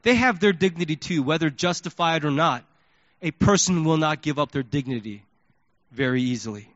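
Pastor guy preaching, high voice, acts out his reactions, dull dry lo-fi sound. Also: normal speed, no room sound. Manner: animated storytelling, acts out his own reactions. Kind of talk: sermon.

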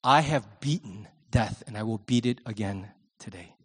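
A man voicing a gentle, patient male teacher in a calm, soft, reassuring way. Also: fairly high pitch, in a large hall, pitched below the performer's own voice. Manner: soft, slow, tender.

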